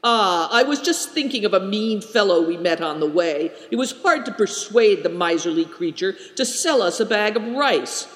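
A man's voice: sits high, expressive, normal speed, few pauses, a bit bright. A man voicing a brusque, scornful caravan leader who speaks curtly and irritably, in an echoey room. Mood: irritable. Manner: curt, irritable, lofty. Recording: echoey room with long reverb.

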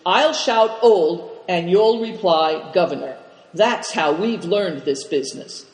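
Man voicing a brisk young scout, earnest, high voice, roomy reverb. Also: expressive.

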